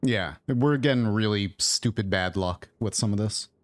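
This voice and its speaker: A man with a fairly low voice gives loose, casual commentary while he plays, trailing off and thinking aloud. The sound is dry and close, with no room around it. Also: normal speed, no echo. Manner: rambling, thinking aloud with fillers and mutters. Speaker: gaming streamer. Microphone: own microphone at desk.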